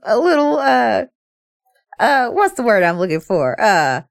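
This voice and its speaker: A woman's voice: on the high side, sing-song, a little slow, vocal fry, no echo, clean studio sound. A woman playing in a tabletop game, rambling and hesitant as she searches for words. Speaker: player. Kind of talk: tabletop role-play chat.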